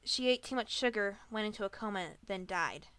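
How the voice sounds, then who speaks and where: A woman voicing a defensive, guilt-ridden female pegasus pony in a fan audiobook reading, halting and stammering as she talks. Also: medium pitch, animated, fairly bright tone, clean tone, no echo, lightly acted. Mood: flat.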